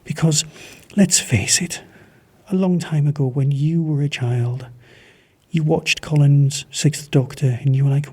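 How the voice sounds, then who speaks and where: A man's voice: a little high, fairly even intonation, moderate pace, dark tone, husky. A man from Manchester hosting a podcast, giving a casual, rambling and enthusiastic spoken review. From Manchester, England. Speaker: podcast host reviewing audio dramas.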